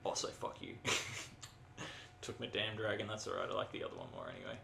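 A young man commentating a video game in casual chat, excitable, swearing loudly and laughing often. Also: fairly low pitch, normal speed, vocal fry. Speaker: gameplay commentator. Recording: roomy with faint noise.

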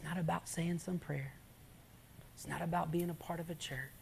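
A man preaching a sermon as a pastor, telling stories with dramatic pauses and swinging between loud emphasis and hushed near-whispers. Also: a little high, vocal fry, slight background noise.

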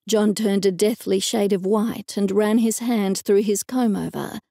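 Mellow Australian woman narrating an audiobook. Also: mid-range voice, unhurried, vocal fry, few pauses, no room sound, clean studio sound. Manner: even, first-person storytelling. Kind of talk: scripted narration.

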